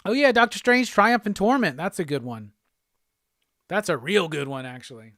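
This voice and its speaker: A man hosting a live pop culture stream, chatting casually and reading viewer comments aloud with quick laughs. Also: sits high, expressive, a bit bright, dry recording, clean studio sound. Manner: laid-back, chatty, quick laughs, reads chat aloud.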